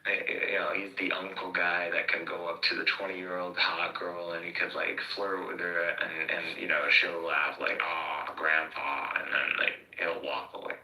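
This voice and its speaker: A man's voice: deep voice, flat delivery, normal speed, vocal fry, hardly any pauses, sharp tone, echoey room, rough recording. An American man from California talking in a rambling, profane way, with lots of fillers, in a casual heated chat. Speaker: participant in a live voice chat.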